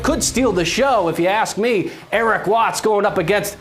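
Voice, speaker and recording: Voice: mid-range voice, normal speed, hardly any pauses. A host announces the upcoming matches in an upbeat, hyping way. Faint music plays underneath. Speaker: show host. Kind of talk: event announcement.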